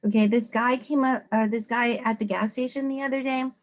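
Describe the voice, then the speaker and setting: A woman from the United States gives a psychology talk to students in a voice pitched a little above the usual. She talks in a loose, conversational way, and she brings her stories to life by putting on the voices of the people in them. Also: a little fast, rough recording. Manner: conversational, animated, acts out quoted people in voices. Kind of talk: informal lecture to students.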